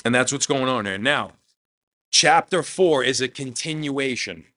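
A man preaching a sermon, telling a Bible story with animated swings from hushed to loud, often adding "man". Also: mid-range voice, a little slow. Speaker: pastor.

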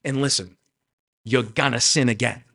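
A man preaching a sermon, addressing the congregation directly and swinging between loud emphasis and quiet asides. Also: medium pitch, moderate pace, gravelly. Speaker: pastor.

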